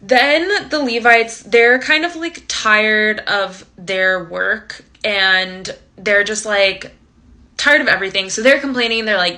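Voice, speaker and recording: A woman's voice: medium pitch, takes it slowly, bright, forceful tone. A young woman giving a casual, slangy, ironic Bible recap into a phone camera, with lots of "like". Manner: chatty, slangy, ironic, many likes. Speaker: host.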